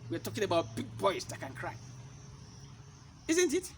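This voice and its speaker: High, bright-voiced man preaching. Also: big pitch swings, a little slow, pauses often, a little hiss or hum. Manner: asks rhetorical questions to listeners; emphatic, repeats key points. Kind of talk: sermon-style teaching.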